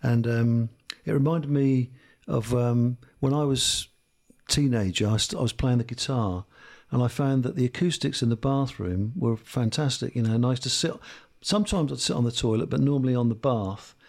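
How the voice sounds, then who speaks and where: A man from Lowestoft with a Suffolk accent, asking questions in a roundabout, musing way as a student interviewer on an informal podcast. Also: moderate pace, darkish tone. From Lowestoft, England.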